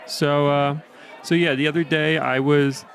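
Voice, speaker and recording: Gravelly offhand male comic. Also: a little high, steady tone, measured pace, fairly bright tone, a little hiss or hum. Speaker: stand-up comedian. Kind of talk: stand-up comedy set.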